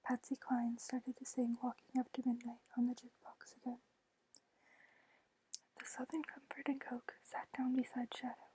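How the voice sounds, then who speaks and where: A woman reading a novel aloud in a soft unvoiced whisper, whispered role-play style. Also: on the high side, flat delivery, moderate pace, slight background noise, rough recording. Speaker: ASMR book reader.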